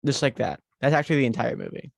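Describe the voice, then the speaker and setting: A man's voice: medium pitch, big pitch swings, fast, gravelly, no echo, clean studio sound. A young American man hosting a podcast in a playful, teasing chat. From United States. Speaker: podcast host. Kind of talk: casual chat.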